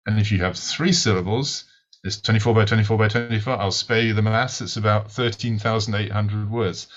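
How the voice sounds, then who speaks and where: Answering an interview question, a British author appearing on a podcast explains ideas like a lecturer, brisk and with fairly even intonation. His voice is fairly low; he keeps asking "right?" and repeats words at the starts of sentences. The audio is lo-fi and muffled.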